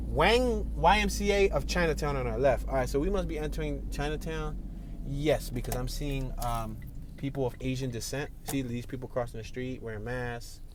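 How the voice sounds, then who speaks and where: Recorded with a little hiss or hum, a man with a mid-range voice narrates while driving through city traffic. This tour vlogger is chatty and laughs frequently, even talking to people outside his car.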